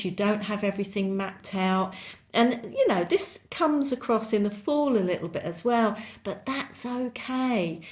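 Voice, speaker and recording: A woman's voice: mid-range voice, darkish tone. A woman giving a monthly tarot reading, chatty and encouraging, repeating words for emphasis. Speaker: tarot reader.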